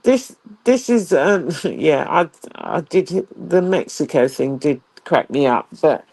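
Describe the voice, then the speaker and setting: Female co-host, rambling political chat, gravelly fry, dry close sound. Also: deep voice, lively intonation, slow pace, a little mellow, dry recording. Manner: chatty, restarts and filler, laughs easily. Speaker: co-host of a political talk show. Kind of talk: casual political commentary.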